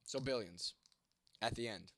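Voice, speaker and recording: A man's voice: medium pitch, measured pace, gravelly, a bit bright, no echo. A man of twenty-nine, congested from a cold and losing his voice, answering chat on a late-night livestream in a blunt, heavily profane way. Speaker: content creator. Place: home at night.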